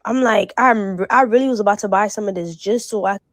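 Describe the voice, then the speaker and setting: A young woman from the North Miami area rambles excitedly in a casual vlog, full of slang. Her voice sits at a middle pitch and sounds close and dry, with no room around it. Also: brisk, no room sound. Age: young adult. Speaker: vlogger.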